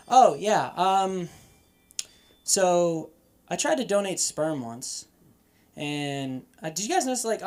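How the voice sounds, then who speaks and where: A young man from Boston doing an open-mic stand-up set, animated and profane, swinging between loud punchlines and muttered asides. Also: a little high. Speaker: stand-up comedian. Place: comedy club stage.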